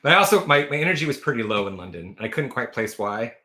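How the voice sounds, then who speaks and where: Very animated and fast, this livestream host speaks in a sharp, mid-range male voice. His meandering stories are riddled with filler words and corrections as he goes.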